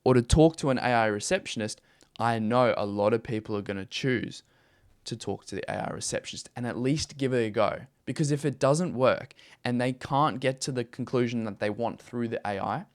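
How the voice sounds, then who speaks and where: Emphatic man giving sales advice. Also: mid-range voice. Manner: emphatic, repeats points, checks in with "okay?" and "right?". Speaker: YouTube host and AI consultant. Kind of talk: direct-to-camera sales advice talk.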